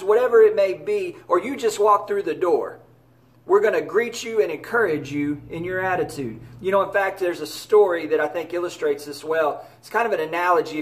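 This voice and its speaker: A man giving an earnest, encouraging motivational talk to camera as a baseball academy director. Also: high-pitched.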